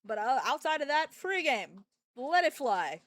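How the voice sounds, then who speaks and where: A woman's voice: sits high, big pitch swings, measured pace, fairly bright tone. A woman streamer chatting casually with her audience, rambling and joking and talking to her dogs between thoughts. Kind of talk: casual live-stream chat.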